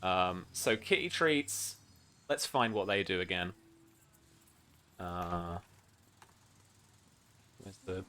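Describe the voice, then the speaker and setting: A man's voice: on the low side, a bit bright, no room sound. A man as game master of a tabletop game, rambling with many fillers and restarts. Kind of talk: narrating a tabletop game on a stream.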